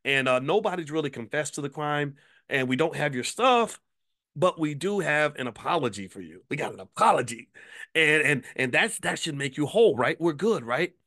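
Guy doing a cop who stumbles over his words and keeps smoothing things over, a bit higher and louder than his usual talk. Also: lively intonation, normal speed. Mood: placating. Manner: stammering, placating. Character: glib male police officer offering excuses.

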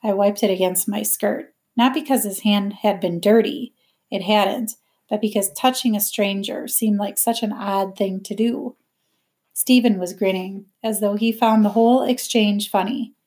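Brief: woman narrator, steady audiobook-style novel reading. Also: mid-range voice, normal speed. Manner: steady, plain first-person narration. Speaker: reader.

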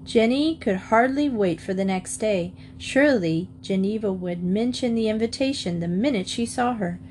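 A woman narrating a children's storybook in a steady, expressive voice. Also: medium pitch, moderate pace, slight background noise. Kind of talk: storybook reading.

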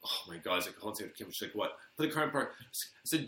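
A man hosting a live online show, telling lively anecdotes in casual chat and acting out the lines of the people in them. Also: fairly high pitch, quick pace, few pauses. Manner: animated anecdotes, acts out quoted lines. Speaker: host. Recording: echoey room with faint noise.

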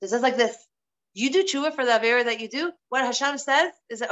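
A woman's voice: fairly high pitch, fast, a bit bright. A woman teaching a live online religious class, stressing points by repeating phrases, over a video call.

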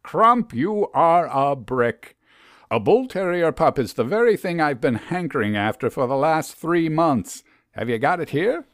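A man reading a jaunty young gentleman who loves to tease, slipping into mock-grand phrasing for fun. The voice stays close to the reader's own. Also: a little high, big pitch swings, unhurried, dry recording, voice pushed up. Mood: delighted. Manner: playful mock-grand speech.

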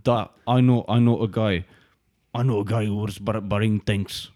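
A man's voice: on the low side, fairly even intonation, brisk, a little mellow, husky. A man putting on a thick-accented bank robber. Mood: boastful.

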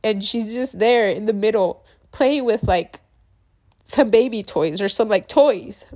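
A woman's voice: medium pitch, unhurried, a little mellow. Young woman, candid vlog talk, casual slang, filler words, swears freely. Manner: confessional, casual, says "like" and "bro" often, swears. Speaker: vlogger.

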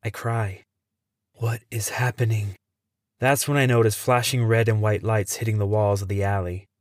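A man with a lowish voice narrates a first-person thriller for his podcast. He tells it in a measured, tense way. The recording is close and dry, with no room around it. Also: fairly even intonation, no echo. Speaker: podcast host and storyteller.

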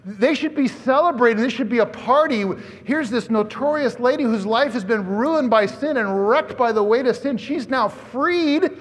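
Animated preacher man in an echoing hall. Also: extremely high pitch, moderate pace, hardly any pauses. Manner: animated, conversational preaching with swings from loud to hushed. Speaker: pastor. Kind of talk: sermon. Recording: long hall reverb.

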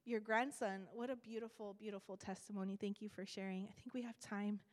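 A woman's voice: mid-range voice, fairly even intonation, a little fast. A woman leading a church gathering, responding encouragingly to testimonies and calling up the next speaker. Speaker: church leader hosting testimonies. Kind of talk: church service hosting. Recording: reverberant hall.

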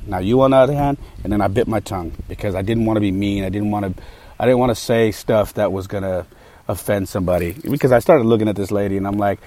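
Low-voiced man telling a heated story. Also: fast, dark tone. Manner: candid, heated, with frequent fillers. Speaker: podcast host. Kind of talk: casual storytelling monologue.

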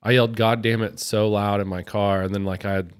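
A man's voice: lowish voice, flat delivery, brisk, clean tone. A man co-hosting a podcast, telling a long story in casual chat with lots of fillers and restarts. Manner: rambling storyteller with many fillers. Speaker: podcast co-host.

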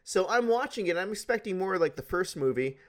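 Animated man telling a story. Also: high voice, a little fast. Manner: animated storytelling, swearing, laughing. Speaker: podcast co-host. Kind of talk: casual podcast chat.

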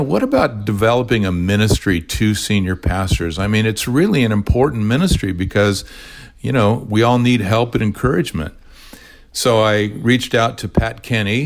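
An older man, a retired pastor, explaining his ministry in a measured, careful podcast conversation. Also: on the low side. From California. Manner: measured, explanatory, spells words out.

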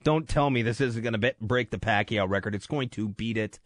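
A man's voice: lowish voice, a little fast, no room sound. A man filling in as host on a sports radio show, chatting casually in a joking, rambling, self-deprecating way at a studio mic. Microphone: studio microphone.

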